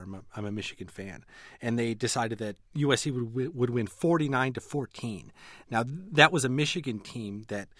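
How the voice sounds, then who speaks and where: A man's voice: mid-range voice, a bit bright, no room sound. A man who writes about politics and sports, talking analytically as a radio interview guest and often restarting his sentences. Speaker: magazine editor and writer, guest.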